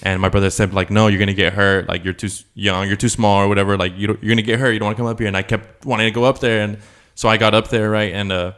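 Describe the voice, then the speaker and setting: A man's voice: on the low side, little pitch movement, quick pace, hardly any pauses, a bit bright, smooth. A young man co-hosting a podcast, telling a long childhood story in a casual, rambling way, full of fillers and laughter. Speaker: podcast co-host. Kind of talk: casual chat.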